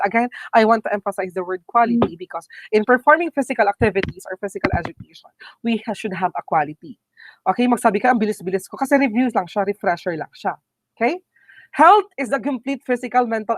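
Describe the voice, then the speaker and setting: A woman teacher with a Filipino accent runs through a review lecture at a brisk clip. She keeps checking in with her students and mixes Tagalog phrases into her English. Her voice sits at a middle pitch and sounds close and dry. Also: no room sound, poor audio. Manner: brisk, repeats "okay?" and "my dear students".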